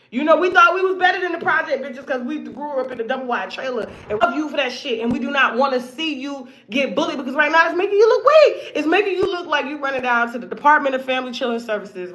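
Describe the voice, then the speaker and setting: A woman hosting her own show, giving blunt, profane commentary in a casual monologue that swings between loud outbursts and hushed asides. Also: high voice. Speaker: show host.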